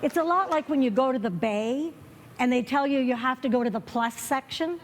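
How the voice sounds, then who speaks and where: An older woman doing a live stand-up set on stage, wry and self-mocking, slipping into quick character asides. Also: high voice, slight background noise. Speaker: stand-up comedian. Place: comedy festival stage before a live audience.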